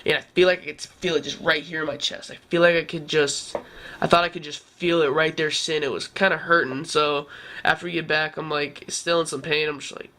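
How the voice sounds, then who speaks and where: A man's voice: a little high, flat delivery, a little fast, pushed and bright. A man in his twenties telling a story to camera in a rambling, casual way, with lots of "like" and swearing. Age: 20s. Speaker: vlogger.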